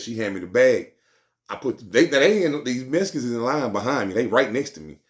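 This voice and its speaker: A man's voice: on the low side, lively intonation, fast talker. A man telling a street story in casual slang, rambling and repeating himself.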